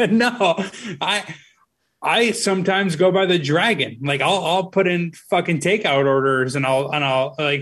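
A man's voice: on the high side, a little slow, fairly bright tone. A man hosting a casual podcast, rambling, laughing and swearing freely. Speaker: podcast host.

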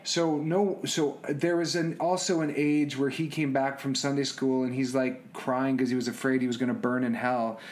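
A middle-aged man telling personal stories about being a father, animated, often repeating words and restarting sentences. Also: medium pitch, moderate pace, few pauses. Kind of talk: casual storytelling.

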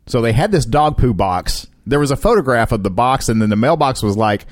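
A man's voice: medium pitch, expressive, brisk, no echo, clean studio sound. A man co-hosting a casual chat show, reading odd news stories aloud and laughing often. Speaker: podcast co-host.

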